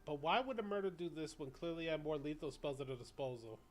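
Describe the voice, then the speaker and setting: A male streamer reading game dialogue aloud in a brisk, pressing way. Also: on the high side.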